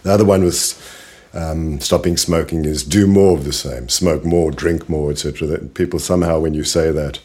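Male interviewer, deep mellow voice, thoughtful and reflective. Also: fairly even intonation, moderate pace. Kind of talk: conversational podcast interview.

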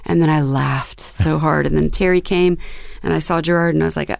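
A woman's voice: deep voice, fairly even intonation, a little fast, gravelly, a little mellow, no room sound. A woman musician telling stories in a casual interview, rambling with lots of fillers. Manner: rambling, full of "you know" fillers. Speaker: musician guest.

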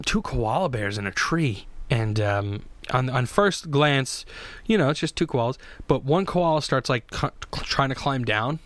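A man's voice: mid-range voice, dry recording. A man hosting a casual solo podcast, rambling and joking with lots of restarts. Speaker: podcast host.

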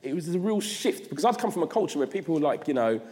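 A man from South London with a London accent, giving an address as a guest speaker. He tells his story in an animated way and acts out his own past thoughts. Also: fairly high pitch, fast talker. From South London, England. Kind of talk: storytelling talk. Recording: long reverb of a large hall.

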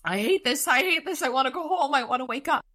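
A woman's voice: sits high, lively intonation, fast talker, pushed and bright, pitched above the performer's own voice. A woman voicing a timid, panicky young man who turns whiny and near hysterical. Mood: panicked.

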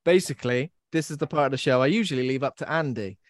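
A man's voice: mid-range voice, quick pace, no room sound. A man hosting a podcast in a casual chat, giggling and mocking himself as he stumbles over his words. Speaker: podcast host.

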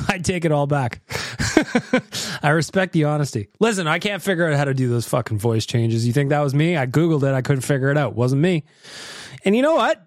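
A man's voice: on the high side, expressive, normal speed, dry recording, clean studio sound. A man from North America hosting a podcast, joking and theatrical. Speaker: podcast host. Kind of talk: casual podcast chat.

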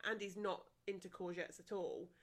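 A young woman co-hosting a podcast, chatting with quick asides and frequent laughter. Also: on the low side, flat delivery. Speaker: podcast co-host. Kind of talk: casual chat.

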